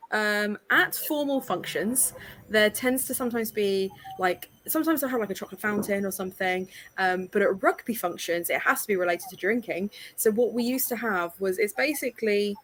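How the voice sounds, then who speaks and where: A woman's voice: mid-range voice, a bit bright. A woman with an English accent, co-hosting a casual video chat and telling stories with playful teasing. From England. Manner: chatty storyteller, playful teasing. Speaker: co-host.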